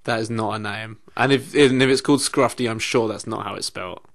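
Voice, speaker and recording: A man commentating on a game, sweary and exasperated with a deadpan edge. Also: on the low side, fairly quick. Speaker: let's play commentator. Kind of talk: casual gameplay commentary.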